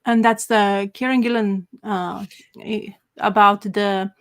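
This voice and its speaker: A woman's voice: medium pitch, fairly even intonation, slow, a bit bright. A woman chatting casually as a podcast co-host, rambling with enthusiasm and many fillers and restarts. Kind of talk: casual chat.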